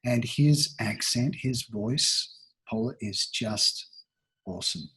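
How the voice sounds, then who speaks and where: A man's voice: mid-range voice, takes it slowly, pushed and bright. A man in his sixties from Australia, a talent agency founder talking thoughtfully as an interview guest, with many restarts and fillers. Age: 60s. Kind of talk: reflective interview conversation.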